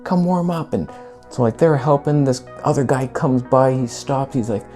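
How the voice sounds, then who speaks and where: A man's voice: medium pitch, moderate pace, soft background music. A man vlogging, casually retelling a story in laid-back slang with some swearing. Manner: animated retelling that acts out quoted voices.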